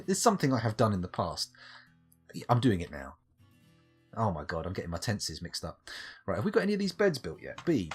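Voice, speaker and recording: Male streamer, casual live chat, rambling and wry, husky edge, faint music behind. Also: medium pitch.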